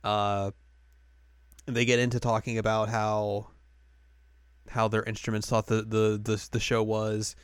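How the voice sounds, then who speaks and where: A man's voice: fairly low pitch, completely flat delivery, unhurried, pauses often, smooth, no echo, studio quality. A man hosting a podcast, recapping an episode in a rambling, casual way with lots of fillers. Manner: rambling, filler-heavy, laughs often. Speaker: podcast host.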